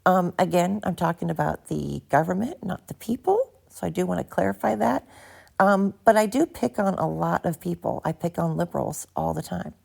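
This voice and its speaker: Sleepy gravelly woman podcasting on her phone. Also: fairly low pitch, moderate pace, a little mellow. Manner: rambling, profane, self-mocking. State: tired, barely awake. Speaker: podcast host. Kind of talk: casual solo podcast monologue. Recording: phone recording with background noise.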